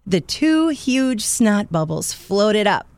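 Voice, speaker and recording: A woman narrating a children's storybook in a gentle, clear and expressive way. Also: mid-range voice, slow, no echo. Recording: dry studio voice.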